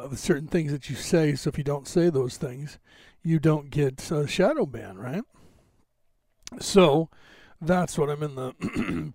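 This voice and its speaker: This man from the United States hosts a live podcast stream, chatting loosely and rambling with frequent fillers and restarts. His fairly high voice has a darkish tone, and the dry audio comes from a camera on a box.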